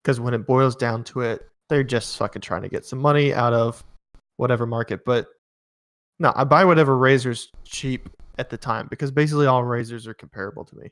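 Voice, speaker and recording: A man's voice: medium pitch, brisk, fairly bright tone. A man co-hosting a gaming podcast, joking dryly and swearing in casual chat. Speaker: podcast co-host.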